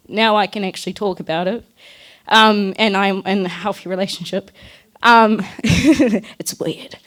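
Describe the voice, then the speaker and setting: A woman's voice: mid-range voice, clear, resonant tone. A young woman, telling her personal story at a community talk in a candid, earnest, loosely chatty way. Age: young adult.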